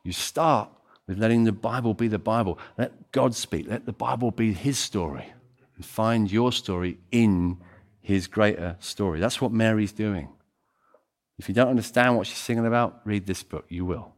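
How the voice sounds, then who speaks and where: A man preaching a sermon as pastor, swinging between excited loud passages and quiet, intimate ones. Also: lowish voice, moderate pace. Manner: animated, swings from loud to hushed.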